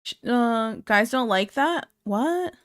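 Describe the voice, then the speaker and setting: Woman streamer, slightly high pitch, candid and blunt, frequent laughter, dry room. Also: animated, slow pace, fairly bright tone, dry recording. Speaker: live streamer. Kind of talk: casual chat reacting to viewer comments.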